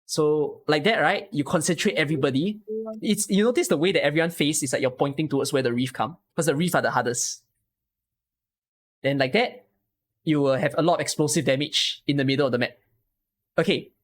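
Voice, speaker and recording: A man's voice: a little high, fairly quick. A man, coaching a viewer through a game strategy on a live stream and asking frequent rhetorical questions. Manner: explains patiently with many rhetorical questions.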